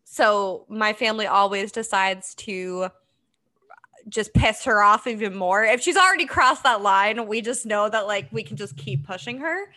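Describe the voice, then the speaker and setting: A woman's voice: mid-range voice, normal speed, pushed and bright. A woman co-hosting a podcast, chatting casually about a documentary, with lots of ums and easy laughs. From Boston area. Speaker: podcast co-host. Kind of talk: casual chat recapping a documentary.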